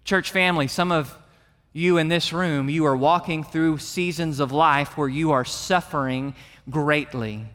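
A man's voice: a little high, steady tone, a little slow, a bit bright. A man preaching a sermon as pastor to his congregation, earnest and building to emphatic peaks. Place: church sanctuary. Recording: long reverb of a large hall.

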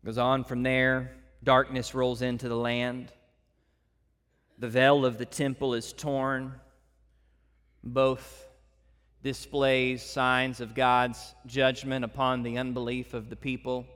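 A man preaching a sermon as a pastor to his church, swinging between loud emphatic passages and soft hushed ones. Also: mid-range voice, monotone, slow, smooth, big-room sound.

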